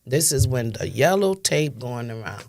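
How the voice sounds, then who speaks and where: In a sing-song bass voice with a darkish tone and normal speed, this interview guest, a fifties-aged woman from Brooklyn with a New York accent, testifies passionately and emphatically, repeating phrases for emphasis.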